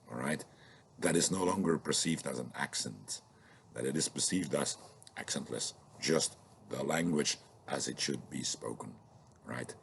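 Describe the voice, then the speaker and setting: Deep rough-voiced guy lecturing, lots of uhs and restarts, bit of hiss behind. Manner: thoughtful, hesitant, many fillers and restarts. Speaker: sociolinguistics lecturer. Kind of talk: informal recorded lecture.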